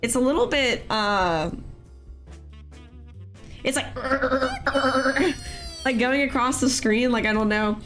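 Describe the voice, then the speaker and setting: A woman with a hoarse voice after an illness, hosting a casual live art class and greeting chat in a sing-song way. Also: high voice, slow pace, pauses often. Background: soft music.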